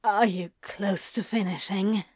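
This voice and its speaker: A woman voicing a female demon, speaking in a slow, husky, teasing murmur. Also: medium pitch, steady tone, no room sound, clean studio sound, lightly acted.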